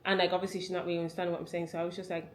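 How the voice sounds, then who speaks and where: Fast-talking young Irish woman vlogger. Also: lowish voice, level tone, a little hiss or hum. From Ireland. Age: 20s. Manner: chatty and rambling, full of "like" fillers. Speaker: travel vlogger. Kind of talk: casual storytelling to camera.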